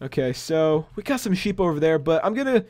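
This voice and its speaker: A man's voice: on the high side, very animated, a little fast, a little mellow. A young man hosting a gaming channel, chatting casually and rambling with upbeat, self-amused asides while he plays. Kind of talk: casual gameplay commentary.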